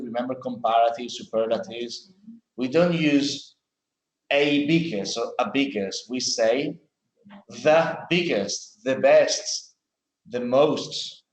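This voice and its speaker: A man's voice: medium pitch, roomy sound, low-quality recording. A man teaching English grammar in a classroom, correcting sentences patiently with examples. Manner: patient, explains slowly with examples.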